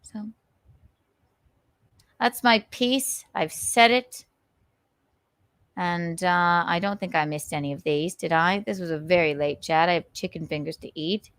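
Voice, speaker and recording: A woman's voice: fairly low pitch, measured pace, long pauses, fairly bright tone, dry recording. Woman in her thirties hosting a live stream. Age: 30s. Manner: rambling and teary, sign-off chatter to viewers. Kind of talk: casual live-stream chat.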